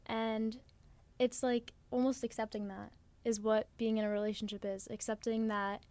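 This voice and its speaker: A woman's voice: a little high, level tone, moderate pace, warm tone. A teenage girl from New Jersey co-hosting a podcast, chatting earnestly with lots of "like" fillers. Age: teens. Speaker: podcast co-host. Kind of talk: casual chat.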